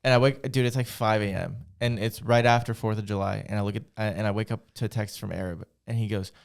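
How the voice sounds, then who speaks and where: Smooth-voiced young man telling a story. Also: lowish voice, fast. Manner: animated storyteller, swears a lot, acts out quoted lines. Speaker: podcast host. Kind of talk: casual chat, storytelling.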